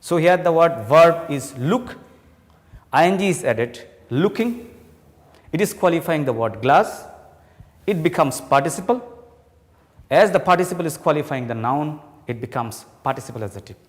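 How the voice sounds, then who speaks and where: A male teacher giving a slow classroom lesson, explaining and repeating each point. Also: fairly high pitch, expressive, big-room sound.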